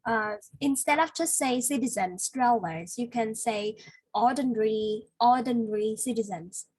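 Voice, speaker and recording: Slow, husky woman teaching vocabulary. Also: fairly high pitch, darkish tone, dry recording, rough recording. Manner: patient explaining with many fillers. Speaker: English teacher. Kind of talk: one-on-one vocabulary lesson.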